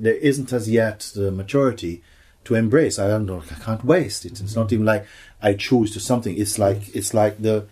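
A man's voice: on the low side, a little mellow, husky. A man giving a spiritual satsang talk, playful, slipping into acted voices and laughter. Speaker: spiritual teacher.

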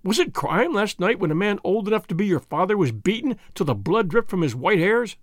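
A man's voice: sits high, very animated, moderate pace, gravelly, no echo, studio quality, exaggerated voice. A man voicing a bitter, fearful older lodge brother. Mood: passionate. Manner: vehement, pleading, grave.

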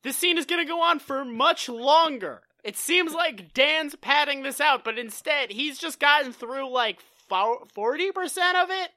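A woman's voice: high voice, unhurried, few pauses. A woman co-hosting a podcast, recapping a movie in casual, profane chat and acting out the characters' lines. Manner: animated, acts out characters in quotes, profane. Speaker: podcast co-host.

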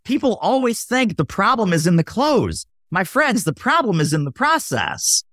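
A man appearing as a guest on a podcast, explaining sales with animated energy and acting out sample dialogue. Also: sits high, moderate pace, no room sound, clean studio sound. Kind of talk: podcast interview.

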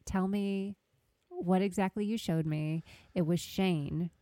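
Playful low-voiced woman teasing her co-host. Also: dark tone, no room sound. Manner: playful, teasing, quick to laugh. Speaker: podcast co-host. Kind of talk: casual sports chat.

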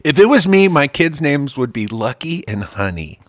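A man co-hosting a casual chat, telling stories in an animated, profane way. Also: fairly high pitch, moderate pace, no room sound. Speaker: podcast co-host.

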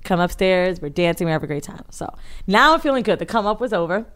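A woman's voice: on the low side, lively intonation, fast talker, a bit bright. A woman co-hosting a podcast, telling a wild story in a profane, dramatic, casual way. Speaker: podcast co-host.

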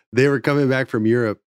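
Animated man telling a story, dry sound. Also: mid-range voice, no room sound. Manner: animated, swears freely, acts out quotes. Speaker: former wrestling TV writer. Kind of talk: casual storytelling.

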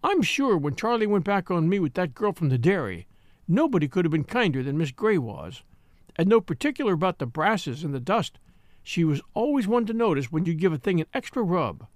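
A man's voice: high voice, sing-song, brisk, no echo, clean studio sound. A man voicing a young rustic housemaid who sobs her devotion to her mistress. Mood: tearful. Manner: rustic, tearful speech.

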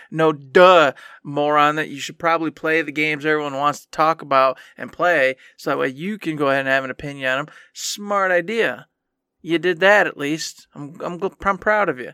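A young man co-hosting a casual gaming podcast, mockingly scolding his past self and mimicking it in a whiny high voice. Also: normal speed, sharp tone, clean tone, no echo, clean studio sound. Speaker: podcast co-host.

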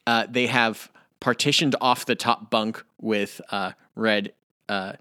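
A man's voice: on the low side, steady tone, slow pace, bright, forceful tone, smooth, no echo, clean studio sound. A man in his forties co-hosting a casual podcast, telling rambling, self-deprecating stories. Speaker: podcast co-host. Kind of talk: casual chat.

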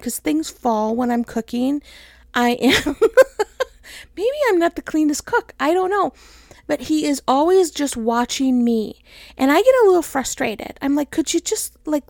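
A woman's voice: sits high, gravelly, a little mellow, dry recording. A middle-aged woman hosting her own podcast, chatting casually and laughing often into a close mic. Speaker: podcast host. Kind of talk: casual solo podcast chat.

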